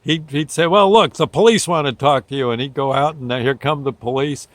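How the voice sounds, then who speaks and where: An older man spins a folksy, rambling story as a show host, chuckling often and quickly voicing the people in it. His voice sits at an ordinary middle pitch. The sound is dry and close, with no room around it. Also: a bit bright, dry recording. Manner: folksy, rambling, laughs often, acts out quotes. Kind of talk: casual storytelling.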